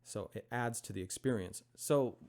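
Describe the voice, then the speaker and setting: A man's voice: lowish voice, moderate pace. A man giving a piano lesson, counting beats and singing rhythms in an easy, chatty way. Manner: relaxed, with many fillers and check-ins. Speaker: piano teacher. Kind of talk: casual instruction. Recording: loud piano alongside the voice. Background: piano playing.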